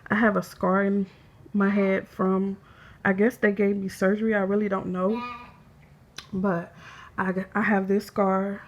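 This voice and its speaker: A woman speaking in a hesitant, halting way as she records a confessional personal vlog, emotional and close to tears. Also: mid-range voice, little pitch movement, muffled recording. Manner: hesitant, halting, soft-spoken. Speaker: vlogger.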